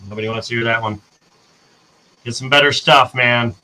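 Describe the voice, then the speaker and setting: Streamer type: American man, bright and forward tone, chatty and self-correcting. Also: mid-range voice, fairly even intonation, moderate pace, poor audio. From United States. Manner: rambling, self-correcting, talks to chat. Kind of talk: casual chat on a live stream.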